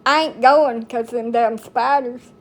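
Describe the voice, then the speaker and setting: A woman's voice: a little high, fairly even intonation, unhurried. A woman in her thirties from the United States, chatting casually to her viewers in a blunt, rambling way full of folksy slang. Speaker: TikTok streamer. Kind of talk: casual chat to camera.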